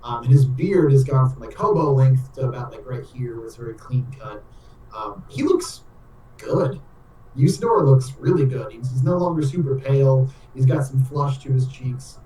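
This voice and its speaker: A man narrating as game master, describing the scene casually with lots of fillers and pauses. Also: medium pitch, expressive, warm tone. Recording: roomy echo, distant mic.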